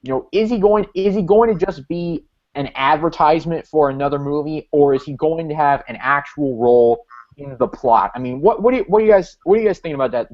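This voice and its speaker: A man's voice: a little high, a little mellow. A man hosting a casual fan discussion, chatty and asking long rambling questions. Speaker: podcast host. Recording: dull lo-fi audio.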